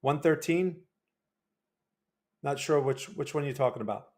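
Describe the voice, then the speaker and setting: Man, livestream market host, fairly high voice, casual, rambling, self-correcting, answering chat. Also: measured pace, darkish tone.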